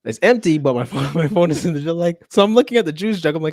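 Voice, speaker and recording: A man's voice: on the high side, animated, fast, a little mellow, no echo, studio quality. A man, a teacher, telling a story in casual chat, laughing often and acting out the people in it.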